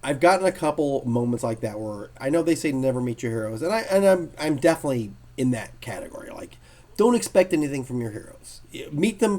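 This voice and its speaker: A husky man chatting as a guest in a casual interview. He tells stories with lots of energy and slips into acted-out quotes of the people in them. His voice sits in a middle pitch with a slightly rough edge. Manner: animated storyteller who acts out quotes. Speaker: guest comic artist.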